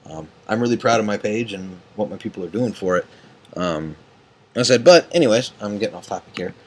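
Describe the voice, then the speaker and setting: A man's voice: on the low side, expressive, fairly quick. A tired man ranting late at night as an online group admin, angry and profane, rambling with many fillers. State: tired and yawning.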